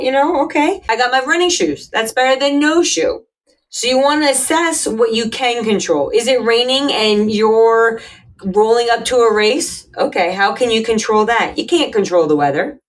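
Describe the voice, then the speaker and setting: Woman podcast host, chatty and animated, higher pitched, recorded a bit away from the mic. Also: far from the mic, low-quality recording. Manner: chatty, animated, acts out quoted voices. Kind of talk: casual solo podcast storytelling and tips.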